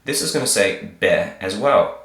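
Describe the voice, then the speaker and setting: Slow, patient low-voiced man teaching. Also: lively intonation, a bit bright. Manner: slow, patient, repeats sounds for learners. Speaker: Hebrew teacher. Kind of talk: screen-share reading lesson. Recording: roomy echo.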